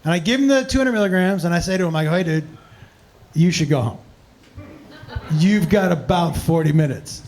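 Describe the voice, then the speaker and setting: Comedy guy with a high voice telling wild stories to a crowd, laughs a lot. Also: fast talker, few pauses. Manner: animated, laughs often, profane. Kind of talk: storytelling in a live Q&A.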